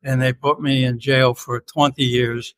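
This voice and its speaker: An older man voicing a calm elderly ex-convict in a joke, flat and matter-of-fact. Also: unhurried, lightly acted. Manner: flat, low-key matter-of-fact delivery.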